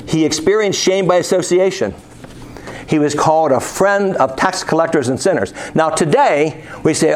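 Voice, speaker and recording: A man's voice: fairly high pitch, lively intonation, normal speed. A man preaching a sermon, reading scripture aloud and asking his listeners rhetorical questions.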